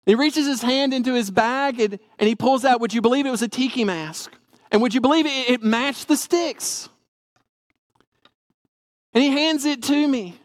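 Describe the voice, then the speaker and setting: A man's voice: very high-pitched, normal speed, dry recording. A man from Tennessee, animatedly telling a personal story and acting out the dialogue. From Tennessee, USA.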